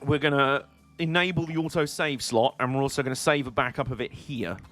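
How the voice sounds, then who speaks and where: A man's voice: mid-range voice, steady tone, fairly quick, fairly bright tone, faint music behind. A British man streaming a video game, giving casual, joking and rambling commentary. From Britain.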